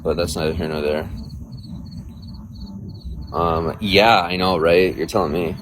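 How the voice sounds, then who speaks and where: A very low-voiced man talks casually on a livestream, crude and boastful as he rambles on to his viewers. Steady background noise runs beneath his voice. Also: a little slow, rough recording. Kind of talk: casual livestream chat, reading viewer comments.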